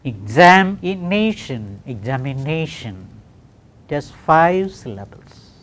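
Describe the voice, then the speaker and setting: A male teacher leads a classroom pronunciation lesson at an unhurried pace. His voice moves up and down in a lively way as he repeats words over and over for practice, checking in with "okay" between them. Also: fairly high pitch. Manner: slow and deliberate, repeats words for practice, often says "you know" and "okay". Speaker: English teacher.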